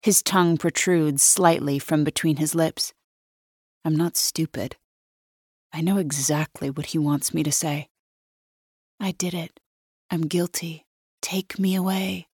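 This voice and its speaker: A woman with a low voice narrates a first-person thriller audiobook. Her delivery is measured and wry, like an inner monologue. The sound is dry and close, with no room at all. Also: darkish tone, dry recording.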